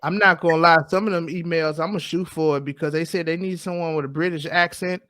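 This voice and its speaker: A man's voice: on the high side, steady tone, fast talker, very noisy. A man co-hosting a podcast, joking through laid-back casual banter.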